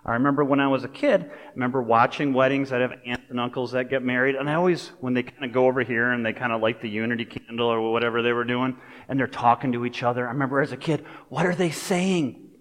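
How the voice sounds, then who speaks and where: A man preaching a sermon as a pastor, in a relaxed, conversational way with personal stories and asides. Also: mid-range voice, fast. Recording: long reverb of a large hall.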